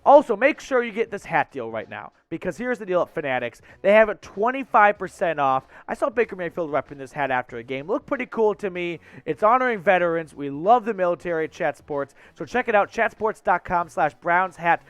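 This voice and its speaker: A man hosting a sports news channel, talking fast and excitably, blunt and a bit out of breath. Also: high-pitched, clean tone, no echo. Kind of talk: energetic sports news commentary.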